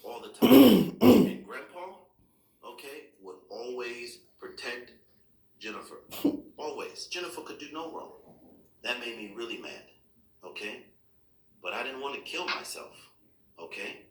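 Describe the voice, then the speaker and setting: A man's voice: mid-range voice, expressive, unhurried, long pauses, bright, forceful tone. A man speaking as a father, talking patiently and firmly with his child, reassuring him. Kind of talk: serious heart-to-heart with a child. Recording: echoey room, mic far off.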